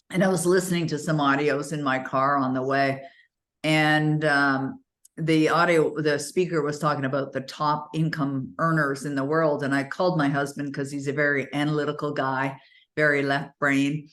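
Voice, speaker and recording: A woman with a low-pitched voice tells stories in a casual, chatty way. She acts out the dialogue with sudden leaps in pitch. She is an author coach from Canada, hosting the talk. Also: normal speed. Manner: animated, acts out dialogue with big pitch jumps.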